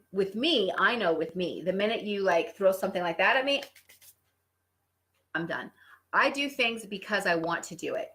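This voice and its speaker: A woman's voice: mid-range voice, pushed and bright. A middle-aged woman hosting a casual relationship advice talk, telling stories with sarcastic asides. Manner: conversational storytelling, sarcastic asides. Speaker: host.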